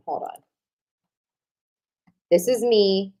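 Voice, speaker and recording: A woman coaching online marketers in a live-streamed workshop, chatty and animated, speaking straight to her viewers and muttering to herself while she fixes her slides. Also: mid-range voice, a little slow.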